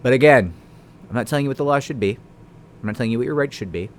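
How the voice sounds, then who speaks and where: A man's voice: medium pitch, animated, very fast, a little hiss or hum. A man, a lawyer, explaining the law in a casual video, talking conversationally with tag questions and dry sarcastic asides.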